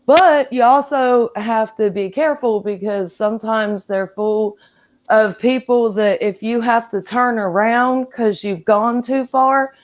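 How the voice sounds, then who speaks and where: A woman's voice: fairly high pitch, measured pace, lo-fi sound. A woman from Appalachia chatting frankly as a guest on a livestream. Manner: frank, chatty, laughs easily. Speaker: guest panelist. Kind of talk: casual chat.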